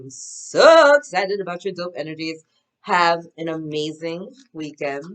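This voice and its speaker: A woman's voice: fairly low pitch, a little slow, slight background noise, poor audio. Upbeat woman giving a spiritual pep talk. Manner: enthusiastic, affirming, chatty with frequent "right?". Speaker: spiritual card reader.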